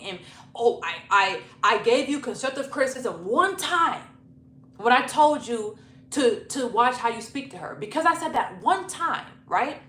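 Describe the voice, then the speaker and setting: A young woman telling a personal story in a casual, animated, profane vlog style. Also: fairly high pitch. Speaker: YouTube storyteller. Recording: roomy echo, faint noise.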